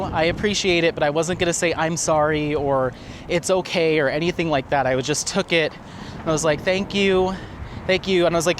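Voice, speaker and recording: A man vlogging while walking outdoors, retelling a story in a chatty, animated way with laughs. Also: on the high side, moderate pace. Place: outdoors on a city street. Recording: faint traffic and street noise.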